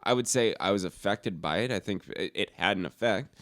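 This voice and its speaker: A man's voice: on the low side, fairly quick, a bit bright, dry recording, clean studio sound. A man co-hosting a podcast, talking casually with stammering restarts and occasional swearing. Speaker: podcast co-host. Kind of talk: casual chat.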